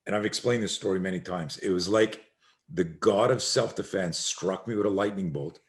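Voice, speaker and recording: A middle-aged man, a self-defense instructor, telling an animated story as a podcast guest and acting out the voices of the people in it. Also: sits low, normal speed. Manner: acts out quoted voices, swearing, emphatic.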